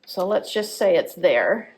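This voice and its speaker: A woman's voice: on the low side, animated, unhurried. Woman thinking aloud during a drawing demo. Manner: thinks aloud while drawing, self-correcting. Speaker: art instructor. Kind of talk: live drawing demonstration. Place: gallery workshop.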